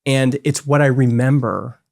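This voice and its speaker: A man's voice: medium pitch, measured pace, vocal fry. A man in his forties talks as an interview guest, candid and open. He tells stories in a loose, chatty way, often reaching for filler words as he goes. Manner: candid, animated storytelling with frequent "like" fillers. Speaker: guest, software company co-founder. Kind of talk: casual conversational interview.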